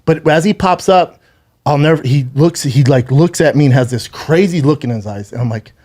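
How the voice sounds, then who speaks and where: Holding back tears, a man in his thirties recounts a harrowing experience on a podcast. His voice is on the high side and a little mellow, and he's profane and halting, tripping over words, restarting and repeating them.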